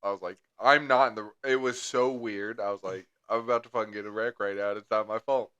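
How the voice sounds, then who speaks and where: A man's voice: lowish voice, fairly even intonation, quick pace, fairly bright tone, smooth, no echo, lo-fi sound. A young man co-hosting a podcast, telling rambling stories in casual chat and swearing heavily. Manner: crude rambling storyteller, heavy swearing. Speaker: podcast co-host.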